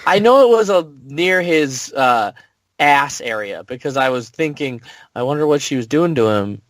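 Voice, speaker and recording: A man's voice: medium pitch, lively intonation, moderate pace, no room sound. A young man co-hosting a podcast, chatting loosely with crude jokes. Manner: joking, loose, crude asides. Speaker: podcast co-host. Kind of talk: casual chat.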